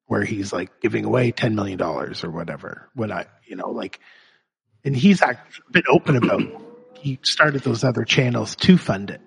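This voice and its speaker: A man's voice: fairly low pitch, expressive, moderate pace, gravelly, slightly rough, low-quality recording. A man co-hosting a podcast in casual chat, with a laid-back, wry manner. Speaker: podcast co-host.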